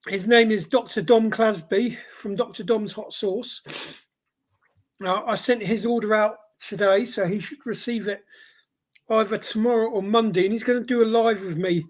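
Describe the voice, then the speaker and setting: A man hosting a livestream hot sauce test who has a head cold and a runny nose, exclaiming and reacting aloud as the spice hits. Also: high voice. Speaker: hot sauce reviewer and host.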